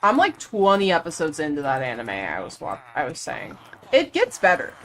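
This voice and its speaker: A young woman with a slightly low voice chats loosely through a live gaming stream. She rambles from one thing to the next and laughs easily, in an offhand, conversational way. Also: huge pitch swings, fairly bright tone. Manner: chatty, rambling, quick to laugh. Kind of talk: casual chat while gaming.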